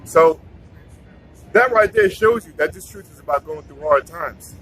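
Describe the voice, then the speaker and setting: Brief: high, bright male bible teacher, stop-start preachy delivery, faint traffic behind. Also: lively intonation, unhurried, breathy edge, low-quality recording. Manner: preachy, repeats words, many restarts. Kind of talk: casual scripture talk.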